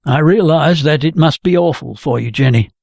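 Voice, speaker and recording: A man's voice: fairly high pitch, normal speed, gravelly, a little mellow, no room sound, clean studio sound. A man voicing a hearty, chatty young man who speaks bluntly and cheerfully in a novel reading. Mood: coaxing.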